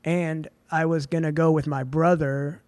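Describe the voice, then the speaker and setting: A man's voice: a little high, little pitch movement, a little slow, a little mellow, no echo. A man in his twenties, a podcast guest, telling a story casually with a lot of "like" and "dude". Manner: laid-back, heavy on "like" and "dude".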